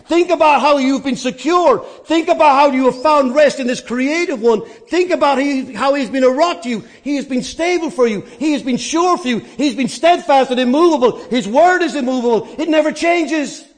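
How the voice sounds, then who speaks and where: A man preaching a sermon, dynamic, swinging from quiet asides to shouted points and answering his own questions. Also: very high-pitched, normal speed, few pauses.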